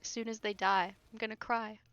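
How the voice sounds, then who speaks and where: A woman's voice: a little high, flat delivery, brisk, a bit bright, clean tone, no room sound, highs cut off, soft background music. A woman streamer chatting casually while playing a video game, giggling and talking to her chat between asides. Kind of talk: casual let's-play commentary.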